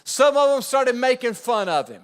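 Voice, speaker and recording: Brief: male pastor with a high voice, an emphatic preacher who repeats his points, heard in a reverberant church hall. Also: very animated, normal speed, clear, resonant tone. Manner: emphatic, repeats key phrases. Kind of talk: sermon. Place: church auditorium.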